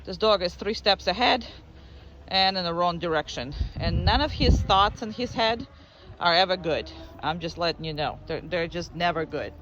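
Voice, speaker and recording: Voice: animated, normal speed, a bit bright, lo-fi sound. Chatty dog trainer explaining a drill. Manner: bursts into high-pitched baby-talk praise for the dog. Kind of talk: casual training demo.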